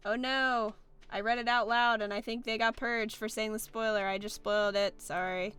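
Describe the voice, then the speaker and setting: Bright-voiced chatty young woman gamer. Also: on the high side, steady tone, normal speed, clean tone. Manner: chatty and playful, lots of "like" fillers. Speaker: gaming streamer. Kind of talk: casual let's-play chat reading viewer comments.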